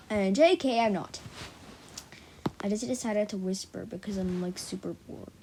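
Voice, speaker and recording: A woman's voice: medium pitch, normal speed, pauses often, very noisy. A teenage girl rambling casually to her viewers in a silly, chatty vlog, full of "like" and tangents. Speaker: vlogger.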